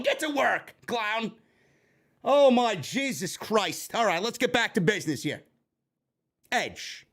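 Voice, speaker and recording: A man from New York hosting a wrestling review livestream, swearing constantly and breaking into excitable shouting. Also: high-pitched. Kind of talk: casual profane live commentary.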